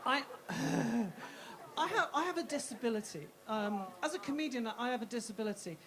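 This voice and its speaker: Her voice on the high side and animated, a posh-sounding woman comedian works through a stand-up set at normal speed. She is self-deprecating and foul-mouthed, tripping over and repeating words, while the crowd laughs in this live club recording.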